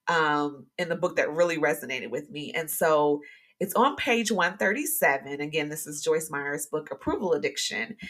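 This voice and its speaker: A woman with a fairly low voice hosts a faith podcast in a chatty, off-the-cuff way. She speaks straight to her listeners and encourages them, now and then jumping up into high exclamations. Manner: talks to listeners directly and warmly encouraging. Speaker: podcast host. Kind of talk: casual devotional podcast talk.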